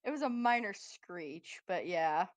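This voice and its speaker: A woman playing in an online tabletop game, playful and excitable. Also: lowish voice, measured pace. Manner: playful and excitable, breaking into cheers. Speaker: player.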